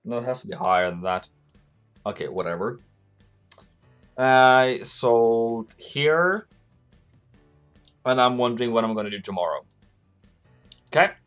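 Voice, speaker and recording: A man's voice: medium pitch, expressive, unhurried, pauses often, fairly bright tone, clean tone, faint music behind. A man hosting a live forex trading stream, chatting casually with viewers and laughing often as he talks through charts. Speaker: forex trading livestream host.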